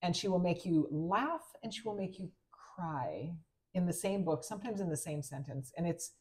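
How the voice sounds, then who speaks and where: Lively, lower-voiced woman co-host. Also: moderate pace. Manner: lively storyteller who slips into voices of people she quotes. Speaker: podcast co-host and novelist. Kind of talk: casual chat over wine.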